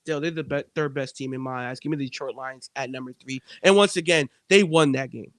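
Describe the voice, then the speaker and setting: A man co-hosting a sports betting podcast, talking in an animated way and turning to his co-host again and again. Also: mid-range voice, a little fast, no echo, clean studio sound.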